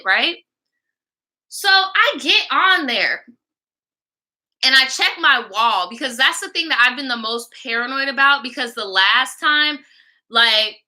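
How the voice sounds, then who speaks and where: A woman's voice: a little high, pushed and bright. A young woman hosting a livestream, telling a story in a casual, profane, exasperated rant. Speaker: livestream host.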